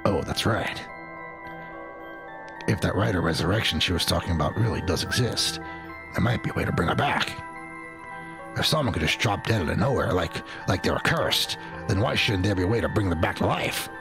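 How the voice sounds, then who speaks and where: A grim, determined young man , as a man puts him on with a low, gravelly growl. The lines come in a brooding, heavy tone and sound like a video game hero. Game music plays clearly underneath. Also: expressive, a little fast, long pauses. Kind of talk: voicing game dialogue in a let's play.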